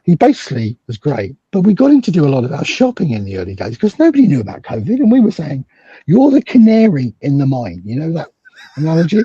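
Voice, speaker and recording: A middle-aged British man recounts a story on a remote call and acts out every line of quoted dialogue. His voice swoops from low to high, and it is raspy with a dark, mellow tone. The sound is dry and muffled, like lo-fi video-call audio. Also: huge pitch swings, quick pace, no room sound. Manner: acts out quoted dialogue with big swings in pitch. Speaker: guest psychologist. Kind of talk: animated storytelling in a conversation.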